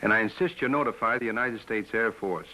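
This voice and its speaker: An actor playing a captured air force pilot who answers curtly and defiantly, in 1950s TV drama style. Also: male voice, fairly low pitch, brisk, sharp tone, low-quality recording. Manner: curt and defiant.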